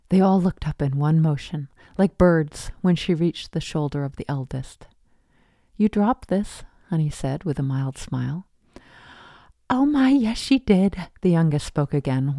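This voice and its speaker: Low, dark-voiced woman narrating a story. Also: gravelly, no room sound, clean studio sound.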